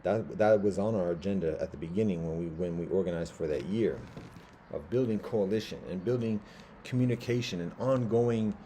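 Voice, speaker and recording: A man in his fifties giving a rambling personal monologue, halting as he repeats words and restarts his sentences. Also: sits low, warm tone, a little hiss or hum.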